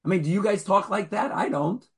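A man giving a Torah lecture in a conversational, animated way, joking with his listeners and acting out the people in the story. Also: brisk, breathy edge. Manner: animated, acts out the figures with sudden jumps in pitch and loudness; conversational, jokes with the audience.

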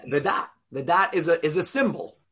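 A man's voice: on the high side, lively intonation, normal speed, sharp tone, breathy edge. A rabbi teaching an informal Torah class, explaining step by step and quizzing his listeners in a conversational way.

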